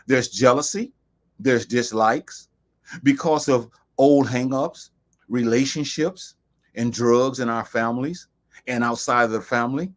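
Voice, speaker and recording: A man's voice: mid-range voice, unhurried. A man hosting a talk broadcast, speaking emphatically in a preaching style, quoting sayings and repeating phrases for stress. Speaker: host.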